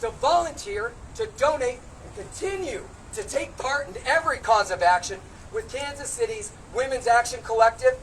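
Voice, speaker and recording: A woman's voice: on the high side, moderate pace, few pauses. Impassioned woman giving a rally speech. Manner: impassioned, builds to shouted call-and-response. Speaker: congressional candidate speaking at a protest. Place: outdoors on steps at a street protest. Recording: distant street recording with crowd noise.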